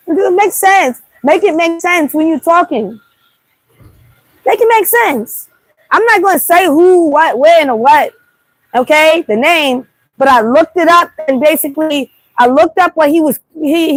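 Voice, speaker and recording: Brief: high-pitched New York woman, blunt livestream host, dry close sound. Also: no room sound. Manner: animated, blunt, repetitive storytelling. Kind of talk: casual livestream monologue. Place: city street at night.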